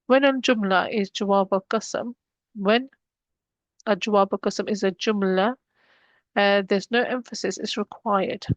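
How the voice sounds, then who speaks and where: A woman's voice: medium pitch, steady tone, normal speed, no room sound, lo-fi sound. A woman teaching an Arabic grammar lesson, explaining each rule step by step and mixing English with Arabic terms.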